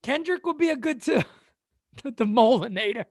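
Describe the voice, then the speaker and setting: A man's voice: very high-pitched, animated, measured pace, darkish tone, dry recording, clean studio sound. A man hosting a casual sports live-stream chat, joking, laughing often and stammering through repeated words. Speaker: sports channel host.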